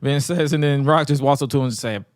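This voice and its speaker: A man's voice: a little high, fast, dry recording. Male co-host, laid-back slangy storyteller who laughs a lot; dry, close mic. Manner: animated, acts out quotes in exaggerated voices; laughs often, casual slang. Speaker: podcast co-host. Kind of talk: casual wrestling recap.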